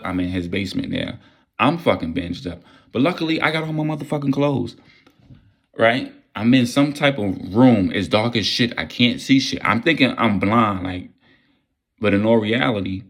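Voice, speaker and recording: Profane, excitable man telling a story. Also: fairly low pitch, breathy edge. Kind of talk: casual storytime monologue.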